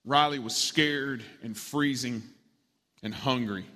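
A man's voice: medium pitch, slow pace, bright, forceful tone. A man preaching, telling a story dramatically as part of a sermon, in a large hall with long reverb.

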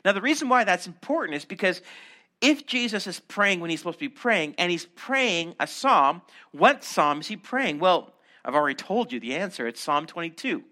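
A man preaching a sermon, teaching through scripture with animated, acted-out asides. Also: high voice, moderate pace. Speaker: pastor.

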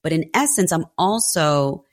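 A woman's voice: low-pitched, animated, a little slow. A woman in her thirties telling candid stories about family life in a casual conversation, with many fillers. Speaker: podcast guest.

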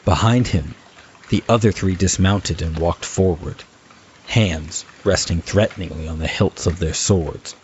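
A man giving steady, scripted story narration. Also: low-pitched, measured pace, slight background noise. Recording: dull lo-fi recording.

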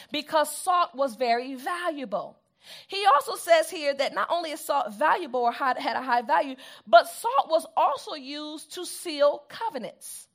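A woman preaching a sermon, repeating phrases for emphasis and calling on the congregation to answer back. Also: sits high.

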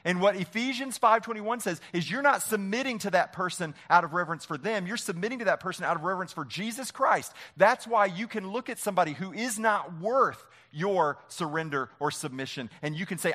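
A man's voice: sits high, brisk, hardly any pauses, sharp tone. A man preaching a sermon as pastor, impassioned, repeating phrases for emphasis and leading the congregation in a reading.

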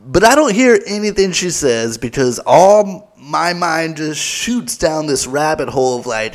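A man's voice: medium pitch, lively intonation, normal speed, hardly any pauses. Rambling comic podcast host, a man. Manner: rambling, filler-heavy, self-mocking. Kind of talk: comedic storytelling.

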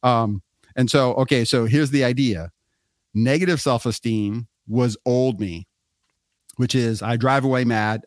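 A man's voice: mid-range voice, unhurried, dry recording, studio quality. A middle-aged man casually telling a story on a podcast, acting out what people said. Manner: animated storyteller acting out quotes.

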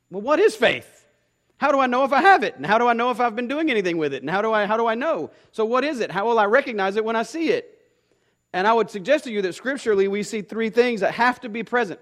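A man's voice: high-pitched, a bit bright. A pastor preaching a sermon to his congregation, emphatic and repeating key phrases, often asking rhetorical questions.

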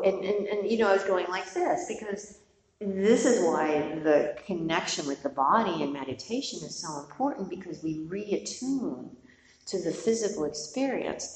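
A middle-aged woman with a fairly low, darkish voice gives a candid, digressive dharma talk to a meditation group, swearing casually now and then. She's recorded from a distance in a roomy hall with faint noise.

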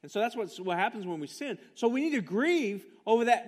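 A man delivers a sermon in a high, light voice. He preaches with emphatic fervor, stressing each point. He pushes rhetorical questions at the congregation. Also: expressive, brisk. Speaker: pastor.

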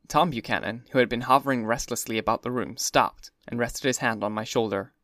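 A man giving a measured, even first-person reading of a classic novel. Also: medium pitch, dry recording, studio quality. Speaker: audiobook narrator. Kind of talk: scripted first-person narration.

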